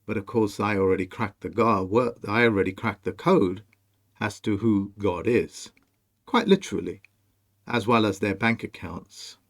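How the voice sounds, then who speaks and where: A man presenting a monologue over on-screen images, slow, emphatic and commanding as he speaks straight to the viewer. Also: on the low side, fairly even intonation. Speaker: video presenter.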